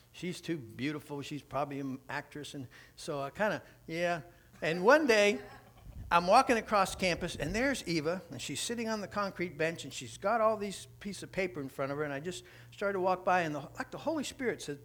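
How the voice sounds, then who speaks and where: A man preaching a sermon, telling stories with animated, acted-out quotes. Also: high-pitched. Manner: animated storytelling, acting out quotes. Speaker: pastor.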